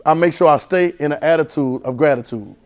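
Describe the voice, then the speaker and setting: A man preaching a sermon in call-and-response, swinging from loud urging to soft, hushed lines. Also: on the high side, a little fast. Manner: swings from loud exhortation to soft near-whispers.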